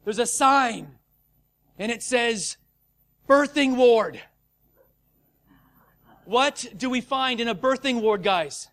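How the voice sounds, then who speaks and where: Male preacher, high and bright, casual and energetic, bursts into loud acted-out moments. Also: a little slow. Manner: energetic, casual, animated with shouted acted-out scenes. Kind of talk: sermon.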